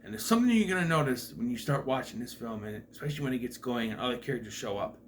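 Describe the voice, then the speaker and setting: A man's voice: medium pitch, expressive, fast talker, a little hiss or hum. A man giving a casual movie review in a sarcastic, profane, exasperated way.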